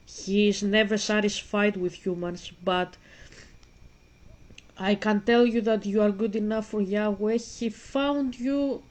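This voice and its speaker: A woman's voice: mid-range voice, darkish tone, low-quality recording. A woman talking earnestly and emotionally to a viewer about faith while she plays a video game. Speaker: gaming streamer. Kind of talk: casual talk while playing a video game.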